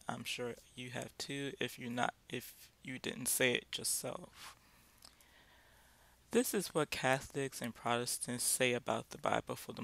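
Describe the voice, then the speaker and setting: A man leading a casual Bible study talk, speaking haltingly with many fillers and restarts. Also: medium pitch, creaky, a bit bright, no echo.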